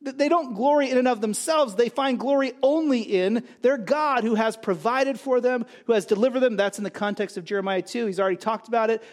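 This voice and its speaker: A man preaching a sermon in a conversational way, with emphatic rises and quiet asides. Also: very high-pitched. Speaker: pastor.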